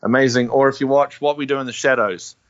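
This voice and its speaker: A man's voice: mid-range voice, steady tone, a loud crowd. Joking New Zealand man, dry humor. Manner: quick, joking, laughs often, dry humor. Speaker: podcast host. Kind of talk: casual chat. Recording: slightly dull lo-fi sound.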